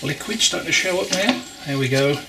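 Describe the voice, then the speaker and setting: Home brewer, chatty how-to, loud clattery noise behind. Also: male voice, on the high side, animated, brisk, vocal fry. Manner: chatty, explaining as he works, wry asides. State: exerting while stirring. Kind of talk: casual how-to vlog narration. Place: home brewing setup.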